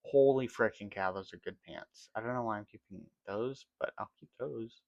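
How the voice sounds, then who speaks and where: A man's voice: lowish voice, moderate pace, creaky, dry recording, muffled recording. A man casually rambling through gameplay commentary for his channel, yawning and correcting himself as he talks, sleepy with a dry mouth. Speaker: gaming channel host.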